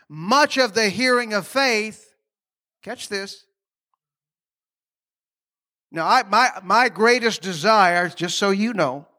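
A man preaching a sermon in a high, bright voice. He talks in a folksy, conversational way, with laughing asides, and keeps asking the congregation questions.

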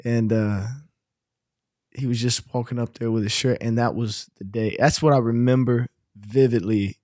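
A man's voice: mid-range voice, steady tone, moderate pace, darkish tone, dry recording, clean studio sound. A man hosting a podcast, chatting casually and teasing his co-host with a story. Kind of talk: casual chat.

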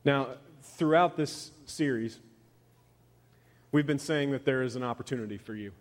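A man in his thirties preaching a conversational sermon as a pastor, often dropping to a soft, quiet voice. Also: mid-range voice, normal speed, big-room sound.

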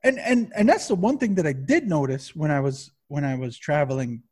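A man co-hosting a podcast in casual chat, rambling and swearing constantly in an animated way. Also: fairly high pitch, a little fast, slightly rough. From Massachusetts. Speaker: podcast co-host.

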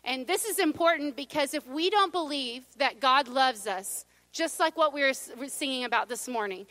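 A middle-aged woman preaches in a relaxed, storytelling manner, tossing playful asides to her congregation. Her voice sits high and rings bright. The sound is close and dry. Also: moderate pace, dry recording. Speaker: pastor. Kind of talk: sermon.

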